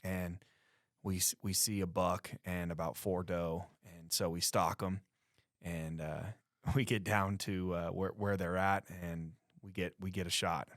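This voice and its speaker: Low-voiced man telling a story. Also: unhurried, no room sound, clean studio sound. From Colorado. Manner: animated storyteller acting out quotes. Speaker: guest. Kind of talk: casual storytelling.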